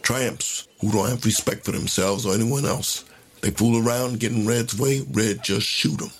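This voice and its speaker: A man's voice: on the low side, moderate pace, a little hiss or hum, close to an everyday voice. A man voicing a brash, swaggering young male blues guitarist who teases and lectures a younger player. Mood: lecturing.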